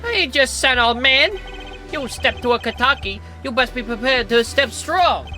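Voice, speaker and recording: A swaggering young street tough, played by a woman, all boastful slang in a high, lively voice that swoops up and down. He is the cocky defendant in a courtroom video game. Game music plays behind. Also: moderate pace. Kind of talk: reading a game script aloud.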